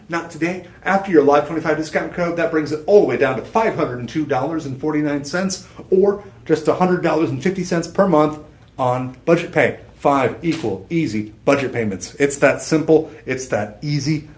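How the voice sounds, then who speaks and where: A man's voice: a little high, reverberant. A man hosting a live jewelry sales stream, rambling and chatty, often breaking off his own sentences and laughing. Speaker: shopping channel jewelry host. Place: studio set with a TV screen behind.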